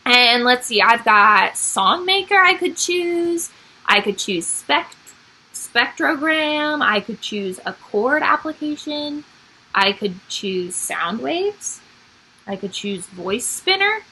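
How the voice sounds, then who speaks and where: A woman's voice: on the high side, very animated, slow, sharp tone, husky, low-quality recording. A woman music teacher giving a recorded online lesson to young children, upbeat and explaining step by step.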